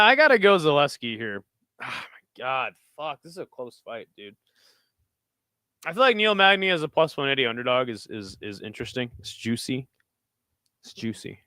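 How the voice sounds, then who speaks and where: Smooth-voiced man, loose and profane. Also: fairly high pitch, pushed and bright, no echo. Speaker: host reading live chat. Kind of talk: casual livestream fight picks.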